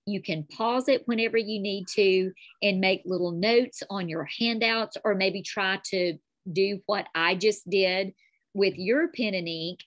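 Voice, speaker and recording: A calligraphy teacher from North Alabama, with a thick Southern accent and a mid-range voice, guests on a podcast for a casual interview chat. She tells her stories with chatty, animated energy, recorded close and dry with no room sound.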